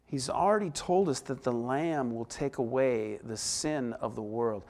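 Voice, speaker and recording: In a mid-range voice and at a slightly slow pace, a man preaches as pastor, working through scripture and shifting from emphatic exclamations to gentle, hushed asides.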